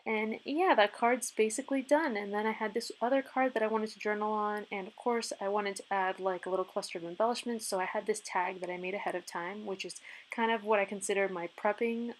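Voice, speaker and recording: A woman giving a casual, chatty voice-over for her crafting video, upbeat and quick to laugh. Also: mid-range voice. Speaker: craft vlogger.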